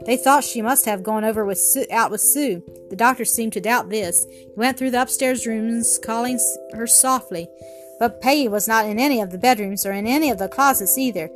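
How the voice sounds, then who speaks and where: A woman reading a storybook aloud, gentle and expressive, softening her voice for the characters. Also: fairly high pitch, brisk, faint music behind. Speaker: narrator. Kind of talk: storybook narration.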